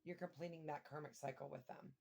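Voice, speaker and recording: A woman giving a casual tarot reading, thinking aloud and breaking into excited exclamations and mild swearing. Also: low-pitched, fast, creaky. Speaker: tarot reader.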